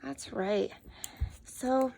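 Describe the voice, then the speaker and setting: A woman's voice: sits high, drawn-out words, vocal fry, dark tone, slight background noise. A woman teacher giving a patient, encouraging one-on-one reading lesson to a child.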